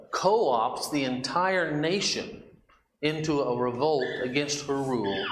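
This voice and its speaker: A man's voice: medium pitch, fairly bright tone, echoey room, slight background noise, low-quality recording. Man leading a Bible class. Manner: questioning, conversational, reads scripture aloud. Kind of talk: Bible study discussion. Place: church classroom.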